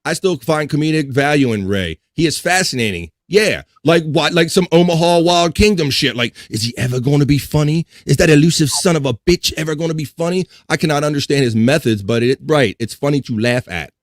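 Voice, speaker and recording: A man's voice: a little high, fairly quick, few pauses, no room sound. A man hosting a casual livestream podcast, reading chat and ranting with heavy swearing and frequent laughter. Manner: profane, ranting, laughing while venting.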